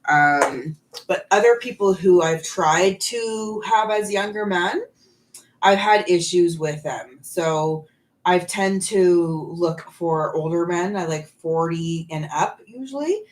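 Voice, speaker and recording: A woman in her forties with a lowish voice hosts a live stream, speaking slowly as she chats candidly, answers viewers' questions and snacks on candy.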